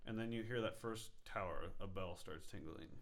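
Man narrating as a low-voiced game master. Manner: halting, filler-heavy narration.

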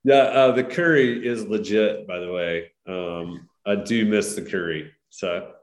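Guest, middle-aged American man, low voice, easygoing storyteller, roomy echo on the line. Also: a little slow. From United States. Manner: relaxed, friendly storytelling with "um" and "you know". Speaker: guest entrepreneur. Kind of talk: podcast interview. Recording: echoey room.

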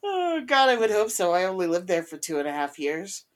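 A woman co-hosting a podcast in casual chat, laughing easily and adding quick quips. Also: fairly low pitch, very animated. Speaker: podcast co-host.

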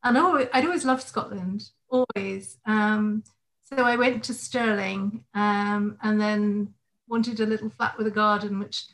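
A middle-aged woman from England, a guest on a podcast over a video call, talking in a friendly, relaxed way with many ums. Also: medium pitch, measured pace, rough recording. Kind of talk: casual interview chat.

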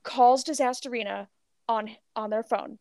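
Woman podcast co-host, high bright-sounding register, dry close sound, breathless gossipy storytelling. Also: normal speed, no echo. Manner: animated storytelling, heavy filler "like", swears freely. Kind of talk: casual gossip chat.

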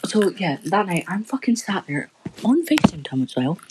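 A woman's voice: medium pitch, very animated, a little fast, background noise. A young woman rambling through a story in casual chat, swearing constantly as a podcast co-host.

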